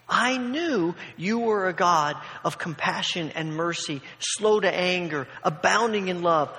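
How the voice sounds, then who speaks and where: A preacher acting out Jonah, a fed-up, grumbling prophet. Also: male voice, sits high, bright, forceful tone, long reverb tail, heavily acted. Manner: bitter, exasperated complaining.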